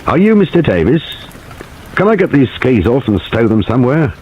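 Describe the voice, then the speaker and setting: A man's voice: medium pitch, sing-song, normal speed, lo-fi sound, a little hiss or hum, pitched above the performer's own voice, natural voice. A man voicing a cheerful young police sergeant with a slightly common voice. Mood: brisk.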